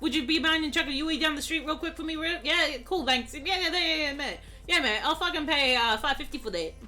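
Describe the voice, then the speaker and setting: Woman putting on a loud broad-Aussie bloke. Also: sits high, fairly quick, pitched above the performer's own voice. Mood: rowdy. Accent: broad Australian. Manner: rowdy, swearing, rambling.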